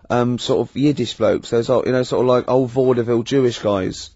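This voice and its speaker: A man in his forties hosting a radio show, animated and playful, often breaking into giggles. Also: mid-range voice, fairly quick, few pauses, husky, dry recording. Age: 40s. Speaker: radio host. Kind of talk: casual radio banter. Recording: dull dry lo-fi radio recording.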